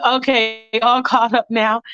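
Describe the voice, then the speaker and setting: High-voiced, rambling woman storyteller. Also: level tone, slow pace, a bit bright, clear, resonant tone, muffled recording. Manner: rambling, slangy, profane, addresses listeners. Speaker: storyteller, podcast host. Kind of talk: casual improvised storytelling.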